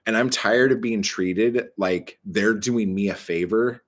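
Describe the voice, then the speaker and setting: On a casual live stream, a man with a lowish voice talks a little slowly. He rambles with lots of fillers and self-corrections, cursing often while venting his frustration.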